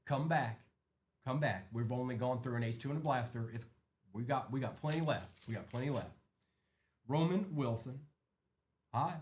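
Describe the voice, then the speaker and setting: Lively man hosting a card break. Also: medium pitch, normal speed, a little hiss or hum. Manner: lively, chatty, rattling off names. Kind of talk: live card-break commentary.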